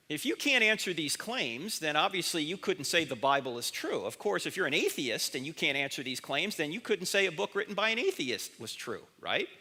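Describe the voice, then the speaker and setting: A man's voice: a little high, very animated, fairly quick, hardly any pauses, sharp tone, husky. A man giving a university chapel talk, emphatic, quizzing his listeners and acting out the lines of people who argue with him. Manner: emphatic, quizzes the audience, acts out objectors' lines. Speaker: guest chapel speaker. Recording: long hall reverb.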